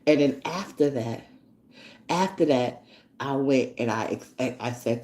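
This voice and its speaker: A woman hosting a podcast, telling stories in a blunt, profane, animated casual monologue. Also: rumbling low, measured pace. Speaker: podcast host. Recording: echoey room.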